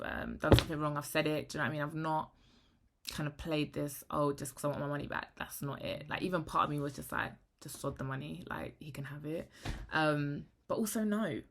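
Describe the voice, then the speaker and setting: A young woman, talking frankly to camera in a rambling, animated vlog. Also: deep voice, a little hiss or hum. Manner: rambling, frank and animated, often trailing into hushed asides. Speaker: vlogger.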